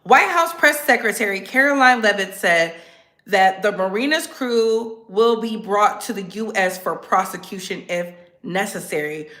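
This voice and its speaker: A woman hosting her own commentary channel, talking straight to her viewers in a sassy, animated way. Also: mid-range voice, a little slow, roomy sound. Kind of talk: casual commentary.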